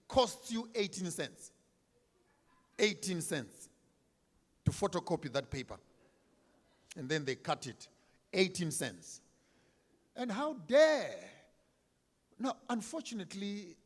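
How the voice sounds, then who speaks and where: Speaking at a commemorative event, a man delivers a fiery address, hammering home key lines and shifting between hushed tones and shouts. His voice is high, bright and forceful, and a large hall's long reverb carries it.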